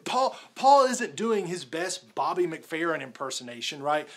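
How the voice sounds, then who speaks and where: Male pastor, laid-back talky sermon delivery, relaxed, peppered with "like". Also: high voice, unhurried, slightly rough. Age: adult, married with a daughter. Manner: casual, conversational preaching with many "like"s.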